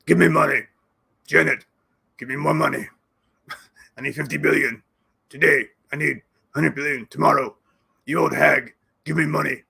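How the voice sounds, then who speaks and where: A man's voice: a little high, fairly even intonation, moderate pace, gravelly, long pauses, pushed and bright, husky, full character voice. A man doing a mocking impression of a pushy male foreign leader, demanding money with insults. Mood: mocking demands.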